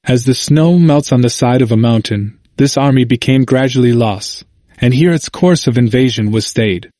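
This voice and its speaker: A man narrating a history audiobook in a measured, formal manner. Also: mid-range voice, warm tone, no echo, clean studio sound.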